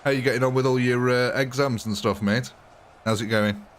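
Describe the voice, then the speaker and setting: A man's voice: medium pitch, fairly even intonation, normal speed, slight background noise. A man livestreaming a game, chatting casually and rambling to his viewers, greeting them by name and laughing often. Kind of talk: casual live gameplay chat with viewers.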